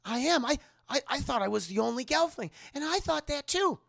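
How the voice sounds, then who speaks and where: Nervous young fantasy hero, pitched up and stammery, with a gravelly edge — a man voicing him. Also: expressive, a little fast, fairly bright tone, heavily acted. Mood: flustered. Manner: flustered, stammering. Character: young male elf-like hero, anxious and earnest.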